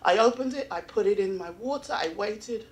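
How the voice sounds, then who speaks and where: A woman from England with an English accent, doing open mic stand-up comedy with animated storytelling and acted-out voices. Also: mid-range voice, moderate pace. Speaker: stand-up comic. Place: small comedy venue.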